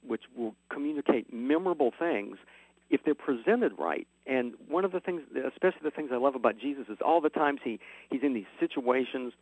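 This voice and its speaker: A man, a catechism teacher telling classroom stories as a radio guest, quick and animated. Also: mid-range voice, no echo, phone-quality sound. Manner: fast, animated retelling, jumping into dialogue. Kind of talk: radio interview guest, storytelling.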